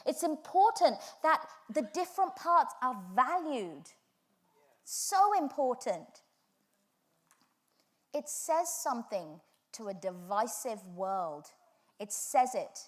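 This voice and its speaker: A woman's voice: high-pitched, animated, slow pace, long pauses. A woman preaching a sermon, telling stories with animation and building to fervent emphasis. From England.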